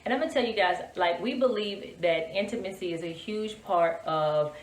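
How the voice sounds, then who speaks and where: A woman co-hosting a relationship podcast with her husband, animated and encouraging, with many restarts. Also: medium pitch, moderate pace. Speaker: podcast co-host. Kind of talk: casual chat between spouses. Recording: roomy echo, distant mic.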